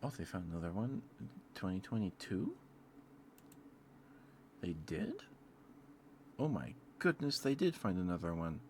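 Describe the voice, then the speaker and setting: A man rambling in a soft-spoken ASMR style, hesitant and full of fillers, tender and easily moved. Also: sits low, sing-song, measured pace, long pauses, slight background noise. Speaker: ASMR streamer.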